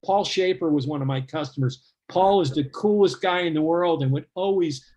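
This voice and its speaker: A middle-aged man telling a casual anecdote, animated and laughing as he acts out what people said. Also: on the high side, moderate pace, dull audio. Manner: animated, laughing storyteller who acts out quotes. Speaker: guest storyteller.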